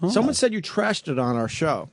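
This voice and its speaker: A man hosting a talk radio show and prodding a guest with quick questions. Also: a little high, sing-song. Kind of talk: casual talk radio banter.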